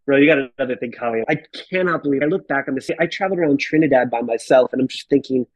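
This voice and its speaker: An animated man in his thirties tells a travel story on a podcast. His talk is casual and full of swearing. His voice sits at a middle pitch, and the recording is dry with no room sound. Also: fast, no room sound, muffled recording. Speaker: podcast guest.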